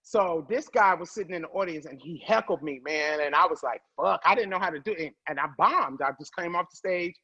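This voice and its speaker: A woman comedian telling stories as a guest, loud and profane, quick to laugh. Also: on the low side, husky, muffled recording. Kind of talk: animated storytelling.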